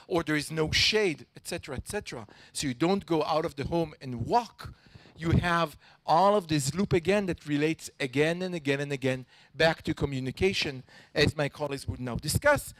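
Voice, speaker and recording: A man giving a lively conference talk as a panel speaker, sometimes acting out tones of voice. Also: on the high side, dry recording, rough recording.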